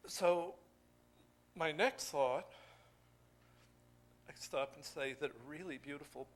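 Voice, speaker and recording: An older man giving a poetry craft lecture to an audience, musing and digressive, thinking aloud with pauses. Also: on the high side.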